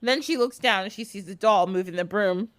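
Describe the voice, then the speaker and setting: A woman's voice: mid-range voice, a little fast, no echo. A woman casually retelling a folktale on a podcast, chatty and laughing often. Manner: chatty, laughing, filler 'like'. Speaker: podcast storyteller.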